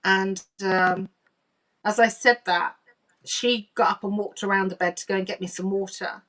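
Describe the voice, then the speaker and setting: A woman, a medium and coach, telling a deeply personal story in an earnest, emotional way and acting out remembered dialogue. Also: level tone, moderate pace, fairly bright tone, recorded from a distance.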